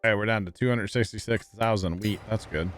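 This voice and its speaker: A man's voice: on the low side, a little fast, a bit bright, faint music behind. A man streaming a farming game live, chatting casually and easygoing with his chat and fellow players. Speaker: livestreamer.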